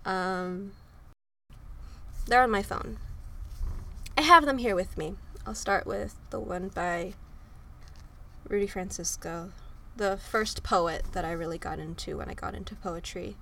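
Young woman podcasting, teary and sniffly, laughs at herself, crisp bright voice right on the mic. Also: medium pitch, unhurried, long pauses, a little hiss or hum. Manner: emotional, tearful, laughs at herself. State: sniffly from crying. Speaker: podcast host. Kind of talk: personal confessional monologue. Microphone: close microphone.

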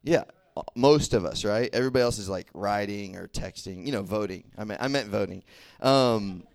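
A man's voice: fairly low pitch, moderate pace, gravelly, dry recording. A young man from the American South preaching a casual sermon and checking in with listeners with frequent "right?" and "okay?". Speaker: youth preacher.

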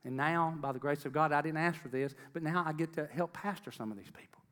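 A man's voice: a little high, fast talker, a bit bright, in a large hall. A middle-aged man giving an earnest testimony sermon to a congregation, repeating phrases for emphasis and calling out to the crowd. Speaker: lay preacher.

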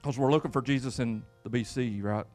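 A man's voice: medium pitch, fairly quick, a little mellow, soft background music. A man preaching a sermon as pastor, folksy and emphatic, with repeated words and call-outs to the congregation. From Kentucky.

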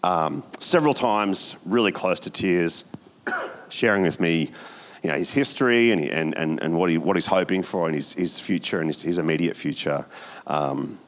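A man, preaching as a pastor, telling a story in a hushed voice that builds to emphatic exhortation. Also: low-pitched. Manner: storytelling, hushed at times, then rising and emphatic. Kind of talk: sermon.

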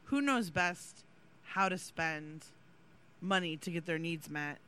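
A man's voice: on the high side, slow pace, pushed and bright, clean tone. A man co-hosting a podcast, explaining social issues in an earnest, blunt casual chat. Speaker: podcast co-host.

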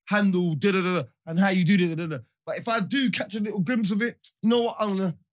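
A man hosting a casual chat, animated and slang-heavy, repeating himself for emphasis. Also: sits high, quick pace.

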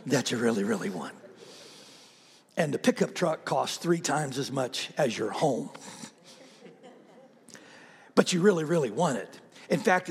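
High-voiced preacher in an echoing hall. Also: male voice, husky. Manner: animated preaching, rising and falling, with asides to the congregation. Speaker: pastor. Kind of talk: sermon.

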